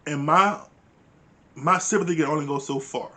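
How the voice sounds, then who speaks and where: A man with a slightly high voice and a sharp tone talks at a moderate pace, casually recapping a reality show. He reviews reality TV bluntly and with exasperation, swearing and using informal dialect grammar.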